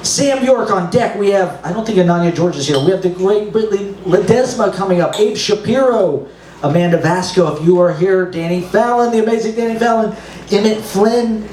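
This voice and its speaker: A man hosting an open mic night, hyping up the crowd with loose, excited banter. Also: high voice, normal speed. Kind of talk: emcee banter. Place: bar open mic room. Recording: roomy, distant mic, noisy room.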